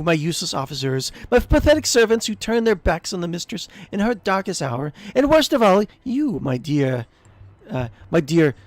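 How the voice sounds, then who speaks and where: A man's voice: high-pitched, dry recording, pitched above the performer's own voice. A man voicing a vengeful ghostly noblewoman aunt, reading her lines with cold scorn and mockery. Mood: scornful. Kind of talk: reading game dialogue aloud.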